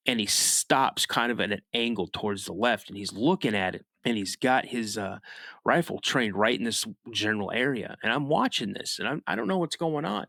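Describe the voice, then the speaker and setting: A man who is a guest on a podcast, telling a personal story in a casual, animated way. He often restarts his sentences and adds "you know" asides. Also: on the low side, creaky, no echo, clean studio sound. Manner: animated storyteller, rises sharply when acting out his younger self shouting.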